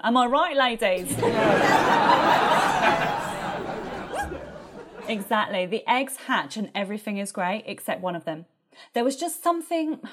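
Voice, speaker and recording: Woman voicing a vain mother duck, husky, bouncy pitch, boastful. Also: heavily acted. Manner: boastful, chatty, lower voice.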